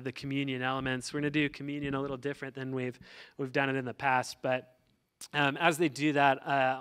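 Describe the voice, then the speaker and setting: Smooth-voiced pastor, flat, chatty delivery. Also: male voice, medium pitch. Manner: conversational storytelling with frequent ums and restarts. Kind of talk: sermon.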